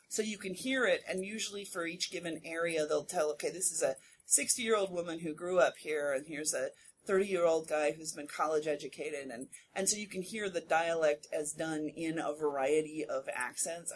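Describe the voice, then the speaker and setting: A woman voice actor speaking on a convention panel, chatty and quick to correct herself, laughing easily. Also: on the low side, a little hiss or hum.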